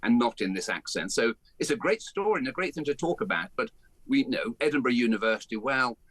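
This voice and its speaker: An older man with a softened Birmingham accent, a guest on a talk radio show, speaking in an emphatic, animated and outspoken way. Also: medium pitch, fairly quick. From Birmingham, England. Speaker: guest, education campaigner. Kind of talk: opinionated talk radio interview.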